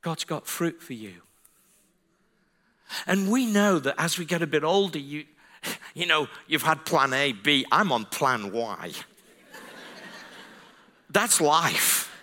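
A man's voice: on the high side, expressive, takes it slowly, pauses often, sharp tone. A man preaching a sermon as a pastor, telling a story in a chatty, self-deprecating way and building to fervent emphasis.

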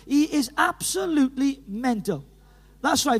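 A middle-aged man with a Welsh accent from Llanelli, preaching an animated evangelistic sermon in a church hall, full of stories and urgent calls. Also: extremely high pitch, brisk. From Wales. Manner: animated, storytelling with laughs, rising to urgent calls. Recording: reverberant hall.

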